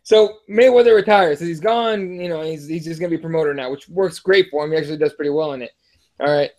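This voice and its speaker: A man's voice: on the high side, quick pace, darkish tone. A man hosting a live podcast-style fight show, talking loosely, swearing and stumbling over his words. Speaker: podcast host. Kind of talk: casual live show chat.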